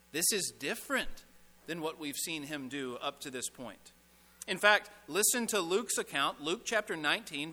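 A male pastor preaching a sermon with a bright, forceful, somewhat high voice. He is emphatic, asks rhetorical questions and drops to a hush on key lines. A long church-hall reverb trails his words. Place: church sanctuary.

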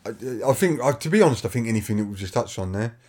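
Casting note: male podcast co-host, animated pitch, rambling, self-correcting, laughs a lot. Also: very fast. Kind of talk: casual chat.

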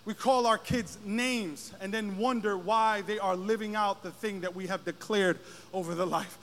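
A man preaching a sermon as pastor, often rising into shouted, drawn-out lines. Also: high voice, steady tone. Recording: long hall reverb.

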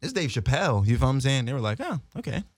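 A man's voice: mid-range voice, animated, racing, crowd noise. A young man, a podcast co-host, telling a story in casual chat, swearing and acting out the voices of people he quotes.

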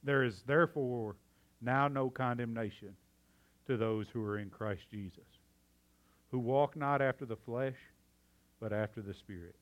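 A man preaching a sermon, excitable and out of breath, swinging from loud fervor to hushed emphasis. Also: mid-range voice, a little slow, long pauses, muffled recording. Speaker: pastor.

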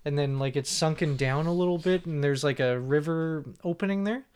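A man's voice: on the high side, fairly quick, a little mellow, smooth. A man casually telling a rambling story on a podcast, often laughing mid-sentence. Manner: rambling, laughs through his own story. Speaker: podcast co-host or guest.

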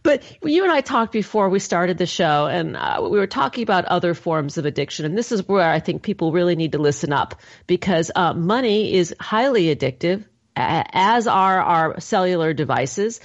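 A woman's voice: fairly low pitch, lively intonation, normal speed, few pauses, muffled recording. A woman hosting a radio interview, talking conversationally with some fillers. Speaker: radio host.

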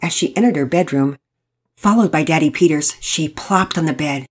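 A woman narrating a children's story in an expressive reading voice. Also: low-pitched, moderate pace, slightly rough.

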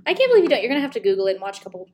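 A woman's voice: a little high, big pitch swings, racing, a little mellow, slight background noise. A woman in casual chat who talks with enthusiasm and laughs often.

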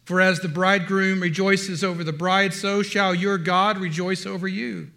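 A man preaching a sermon, slow and dramatic, often dropping to soft hushed tones. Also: sits high, little pitch movement, creaky. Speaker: pastor.

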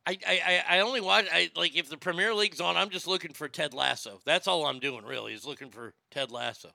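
A man's voice: fairly high pitch, a little fast, gravelly, bright, forceful tone, no room sound, clean studio sound. A man hosting a comedic talk show, laughing often and stammering as he jokes crudely. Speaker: radio show host.

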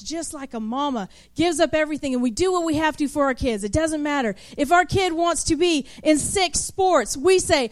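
Woman in her 30s, high voice, casual storytelling sermon style. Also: lively intonation, normal speed, few pauses. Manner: conversational, acts out kids and mothers in asides. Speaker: preacher.

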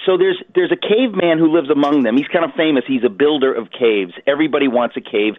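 A man being interviewed as an author, telling a story with animated voices over a phone line. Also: on the high side, fast talker, dry recording. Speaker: author guest. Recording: tinny dry phone line.

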